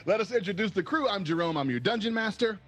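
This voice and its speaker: A man's voice: sits high, big pitch swings, moderate pace, fairly bright tone, soft background music. A man from Oklahoma hosting a tabletop game podcast as dungeon master, upbeat and playful.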